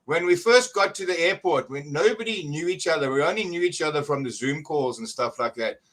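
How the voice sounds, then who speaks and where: A middle-aged man, excitedly telling a story as a guest, halting and restarting often. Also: fairly high pitch, low-quality recording. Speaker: guest church member. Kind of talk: casual testimony.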